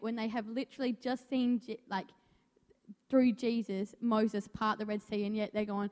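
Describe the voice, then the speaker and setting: A woman's voice: a little high, steady tone, moderate pace, a little mellow. Young woman, nervous first-time preacher stumbling through scripture; reverberant hall. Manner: nervous, stumbling reading with restarts. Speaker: youth speaker. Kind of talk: church message. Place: church hall.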